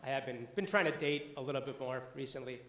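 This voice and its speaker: A man's voice: mid-range voice, fast, fairly bright tone, roomy sound, slight background noise. A young man from the Boston area performing a stand-up comedy set, talking conversationally with lots of "uh" fillers. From Boston area, USA. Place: comedy club stage before an audience.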